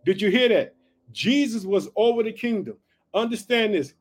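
A man from the United States preaching an excited podcast sermon, repeating call-outs to his listeners. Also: sits high, brisk. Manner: excited, repeats "guess what" and "did you hear that". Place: home podcast setup in Chicago.

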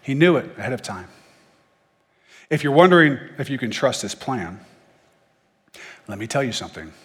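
A husky-voiced man giving a casual Bible teaching, talking to listeners plainly and tossing in jokes along the way. His voice carries a long reverb, as if he were in a large hall. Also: medium pitch, very animated, moderate pace. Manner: conversational, joking asides.

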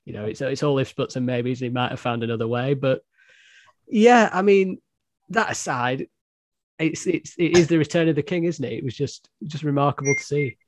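A man's voice: medium pitch, expressive, normal speed, dry recording. A man hosting a football podcast in a casual, joking, self-deprecating way. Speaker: podcast host and editor-in-chief.

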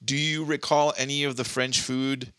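A man with a bright, forward voice chats easily on a podcast, dropping curses and tossing out questions. The sound is close and completely dry. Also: medium pitch, level tone, moderate pace, clean tone, no room sound. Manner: laid-back, profane, chiming in with questions. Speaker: podcast co-host. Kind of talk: casual chat.

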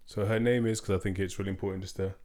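A man's voice: low voice, fairly even intonation, racing, a little mellow. A man co-hosting a podcast, chatting casually and rambling with fillers and restarts. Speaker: podcast co-host. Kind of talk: casual chat.

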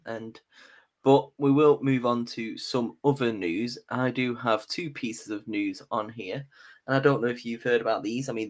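Laid-back man hosting a casual chat. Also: medium pitch. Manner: laughs often, loose and joking. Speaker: podcast host.

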